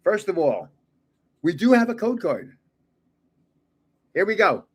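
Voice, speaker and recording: A man's voice: high-pitched, very animated, slow, husky. An older man hosting a card-opening video, chatting and rambling into funny stories that make him laugh. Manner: rambling, chatty storyteller who laughs at his own jokes. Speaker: card collector channel host. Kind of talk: casual chat while opening cards.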